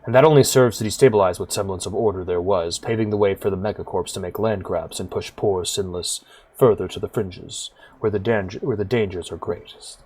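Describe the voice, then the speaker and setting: A man doing a low, weary big barkeep. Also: a little fast, slightly rough. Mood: grave. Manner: low, quiet, somber. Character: big, weary male bar owner, grave.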